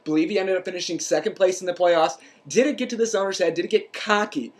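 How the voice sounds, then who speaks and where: A young man hosting a comedic sports recap, deadpan and mock-serious, self-deprecating, with lots of ums and uhs. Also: sits high, fast talker. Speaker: host.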